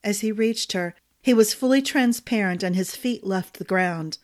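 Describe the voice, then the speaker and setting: A woman's voice: mid-range voice, moderate pace. A woman hosting a storytelling podcast and narrating a fantasy novel chapter.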